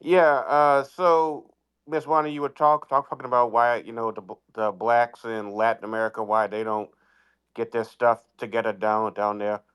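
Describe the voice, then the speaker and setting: A man on a call-in show speaks in a halting way, stopping and restarting often. His voice is smooth and resonant, at a mid pitch for a man. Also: little pitch movement, fairly bright tone. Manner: halting, many fillers and restarts. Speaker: caller. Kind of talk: casual call-in chat.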